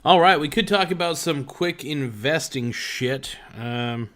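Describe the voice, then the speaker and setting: A man's voice: a little high, measured pace, fairly bright tone. A man hosting a livestream podcast, chatting casually and profanely while he eats and reads out his live chat. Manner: rambling and profane, with many fillers.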